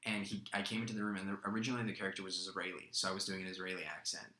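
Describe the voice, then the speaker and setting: A man's voice: deep voice, level tone, rapid-fire, pushed and bright. A young man from Russia, a guest actor, chatting and rambling through stories in a casual interview. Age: young adult. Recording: echoey room.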